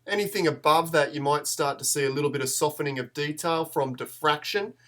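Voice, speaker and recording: A man's voice: on the high side, a little fast, fairly bright tone. A man, chatting in a rambling, self-deprecating way as he hosts a live photo-editing tutorial stream.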